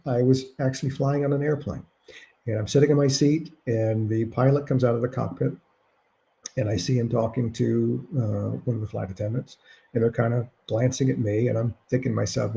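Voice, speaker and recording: Gravelly, dark-voiced male author. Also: medium pitch, fast talker. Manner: wry, self-deprecating humor. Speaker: author answering reader questions. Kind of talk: casual anecdotal storytelling. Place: at home during lockdown. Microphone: video call.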